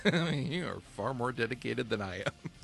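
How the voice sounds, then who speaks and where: Giggly man on a podcast, lively voice. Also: medium pitch, moderate pace, creaky. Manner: giggly, self-mocking, keeps breaking into laughter. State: short on sleep, laughing to tears. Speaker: podcast co-host. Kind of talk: casual chat.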